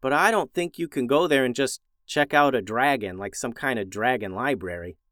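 A man's voice: mid-range voice, normal speed, a bit bright, no room sound, studio quality, close to an everyday voice. A man voicing a playful, competitive boy who talks in a casual, easygoing way. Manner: casual, easygoing kid talk.

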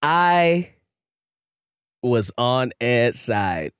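A man's voice: mid-range voice, drawn-out words, smooth, no room sound. A man co-hosting a podcast, casual chat, arguing his point with lots of laughing and swearing. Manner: animated, laughing, profane, argumentative. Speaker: podcast co-host.

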